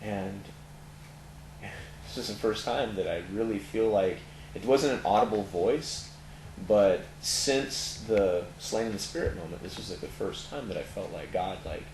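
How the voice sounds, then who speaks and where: A man's voice: fairly low pitch, unhurried. A middle-aged Californian man, a tattoo parlor owner, candidly telling his life story in an interview with many fillers. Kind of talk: personal testimony in conversation. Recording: echoey room, faint noise.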